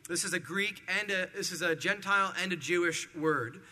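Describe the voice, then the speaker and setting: A man's voice: high-pitched, normal speed. Man preaching in a reverberant hall. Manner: animated preaching with acted-out scenes. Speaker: pastor. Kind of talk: sermon.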